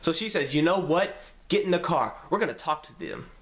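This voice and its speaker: A young man vlogging a story to camera in a casual, profane, animated way, acting out what each person said. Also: brisk. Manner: animated, profane, acts out quotes with pitch jumps.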